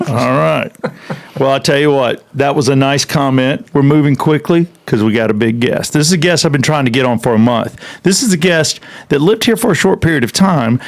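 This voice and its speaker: A man hosting a podcast, joking and playful as he introduces a guest in casual chat. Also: fairly high pitch. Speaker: podcast host.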